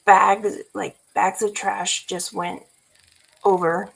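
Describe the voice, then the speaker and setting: A woman's voice: mid-range voice, little pitch movement, slow pace, vocal fry, husky, poor audio. A woman in her forties from California, telling a story in a casual vlog and laughing often. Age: 40s. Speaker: vlogger.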